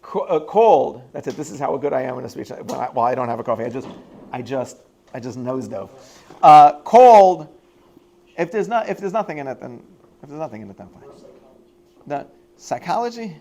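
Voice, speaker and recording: A man's voice: mid-range voice, animated, fairly quick, creaky, pauses often, warm tone. A man teaching a class in a school classroom, joking and rambling between points and repeating key lines for emphasis. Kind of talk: lively classroom lecture with asides.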